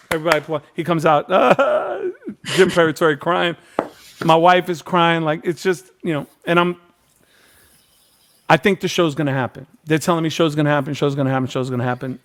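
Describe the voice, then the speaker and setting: A middle-aged man hosting a podcast, telling a long story in casual chat and acting out the people he quotes with lots of repetition. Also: fairly high pitch. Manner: animated storyteller, acts out quotes, repeats phrases. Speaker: podcast host.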